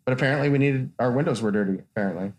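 A man's voice: mid-range voice, rapid-fire, a little mellow. A man, a tattoo artist and podcast host, telling a long story in casual, profane chat and acting out the people in it.

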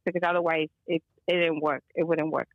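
Over dull, lo-fi call audio, a guest healer rambles through a lengthy story, dropping in Spanish words and plenty of fillers. She has a deep voice with little pitch movement and talks a little fast; there's no room sound.

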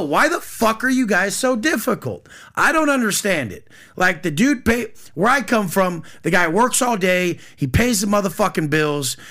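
A man's voice: high voice, vocal fry, sharp tone. A man in his thirties, a podcast guest, ranting bluntly and confrontationally with heavy profanity. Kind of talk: heated podcast rant.

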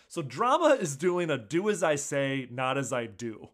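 A man co-hosting a casual rewatch podcast, lively, acting out lines as he retells scenes. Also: mid-range voice, a little fast. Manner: lively, acts out scene dialogue when retelling. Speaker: podcast co-host.

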